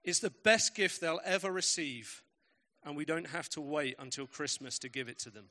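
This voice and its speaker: A man preaching a sermon in a bright, ringing voice that sits a little higher than most men's. He tells stories with emphatic, varied pacing. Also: normal speed.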